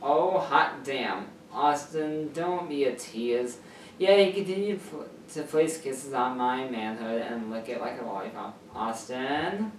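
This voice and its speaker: Sitting far from his camera's mic in an echoey room, a man reads a fan story for his channel, rambling with lots of fillers and frequent self-corrections. His mid-range voice is expressive at a measured pace, with a little hiss or hum.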